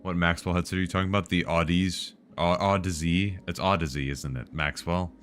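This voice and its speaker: A man's voice: low-pitched, fairly even intonation, quick pace, a bit bright, faint music behind. A man streaming live, chatting casually about tech and answering viewers' questions in a rambling, joking way.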